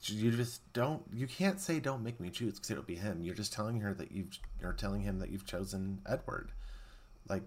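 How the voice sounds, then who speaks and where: A man hosting a podcast, giving excitable, sarcastic running commentary while watching a movie. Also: lowish voice, normal speed. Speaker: podcast host.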